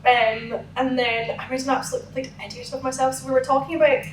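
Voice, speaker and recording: A woman's voice: sits high, little pitch movement, fast talker, reverberant, recorded from a distance, a little hiss or hum, rough recording. A young woman co-hosting a podcast, telling a story in a chatty, rambling way full of fillers. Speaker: podcast co-host. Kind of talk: casual storytelling chat.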